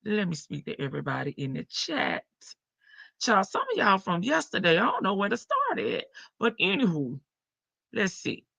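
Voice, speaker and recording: A woman's voice: medium pitch, creaky, bright, forceful tone, dry recording, highs cut off. A woman with a heavy morning voice, hosting a casual live stream from her front porch and greeting viewers by name.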